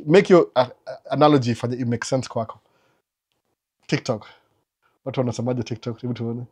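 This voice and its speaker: A man's voice: medium pitch, fairly quick, breathy edge. Man lecturing in code-switched chat. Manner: switches between English and Swahili mid-sentence; animated, lecturing, asks rhetorical questions. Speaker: live Q&A host. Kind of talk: casual live-stream advice chat.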